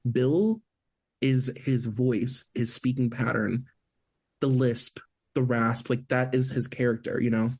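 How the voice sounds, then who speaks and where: A man's voice: mid-range voice, husky. A man co-hosting a podcast, chatting casually and with animation about a movie. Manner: animated, laughs often, quick asides. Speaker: podcast co-host. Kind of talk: casual movie review chat.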